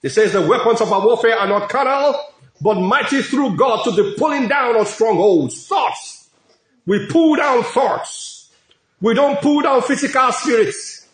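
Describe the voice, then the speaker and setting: High pitched pastor preaching, repeats himself a lot, roomy echo. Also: male voice, animated, unhurried. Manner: emphatic, repetitive preaching with frequent praise interjections. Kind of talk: sermon. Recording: echoey room.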